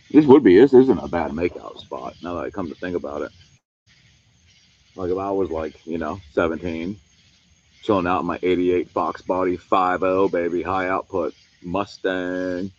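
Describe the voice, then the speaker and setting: Deep voiced guy rambling on a night stream in the woods, dull lo-fi mic, crickets behind. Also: normal speed, a little mellow. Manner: rambling, laid-back, talks to chat. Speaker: paranormal livestream host. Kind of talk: casual outdoor livestream chat. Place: wooded horse camp outdoors at night.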